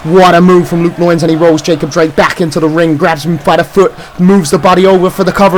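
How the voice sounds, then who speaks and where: High-pitched excitable wrestling commentator man. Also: a little hiss or hum, rough recording. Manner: rapid move-by-move calls, shouting near-falls. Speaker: play-by-play commentator.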